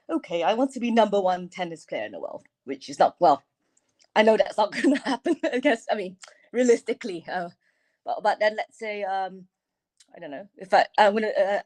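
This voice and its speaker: A woman's voice: mid-range voice, darkish tone. Hesitant woman asking a question. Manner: hesitant, searching for words, many fillers. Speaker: class participant asking a question.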